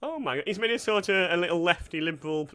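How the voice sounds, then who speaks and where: A man's voice: sits high, animated, fast talker, bright, forceful tone, smooth. A British man co-hosting a podcast, teasing and sarcastic in casual chat. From Britain. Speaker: podcast co-host.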